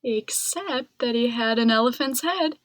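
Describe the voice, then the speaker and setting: A woman reading a children's picture book aloud in an expressive, dramatic way. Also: on the high side, unhurried, no echo. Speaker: storybook reader. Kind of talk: children's storybook read-aloud.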